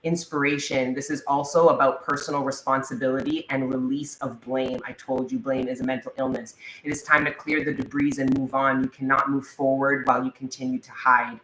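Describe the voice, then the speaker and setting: A woman giving a casual tarot reading in a chatty manner, swearing freely and reading the card text slowly. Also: rumbling low, flat delivery, fairly bright tone. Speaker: tarot reader. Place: indoors, room with a live wasp. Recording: echoey room, faint background noise.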